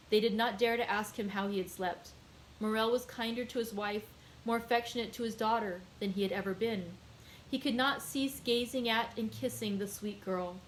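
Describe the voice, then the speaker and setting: A woman librarian hosting a daily read-aloud, reading a classic novel in a clear, measured storytelling voice. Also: mid-range voice, a little hiss or hum, rough recording.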